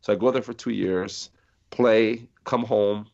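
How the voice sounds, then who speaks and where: Man, middle-aged, from New Jersey, podcast guest, deep gravelly voice, animated storytelling, dry dull recording. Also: measured pace, dry recording. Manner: animated storyteller acting out quoted voices, laughing often. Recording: dry muffled sound.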